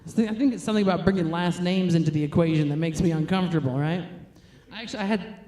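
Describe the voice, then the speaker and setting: A woman's voice: on the low side, fast, mellow, roomy sound. Brash young woman doing stand-up. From New York. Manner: brash, crude, self-mocking. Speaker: stand-up comedian. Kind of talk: stand-up comedy set.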